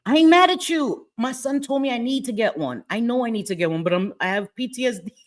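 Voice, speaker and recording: With a fairly high pitch and rapid, animated delivery, this middle-aged livestream host chats casually from her house. She's frank and profane, breaking into laughter frequently.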